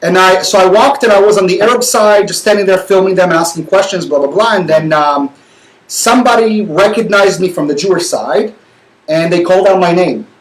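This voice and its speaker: A man hosting a talk show, arguing passionately and fast, repeating words when worked up. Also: sits high, roomy sound, poor audio. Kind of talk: heated talk-show debate.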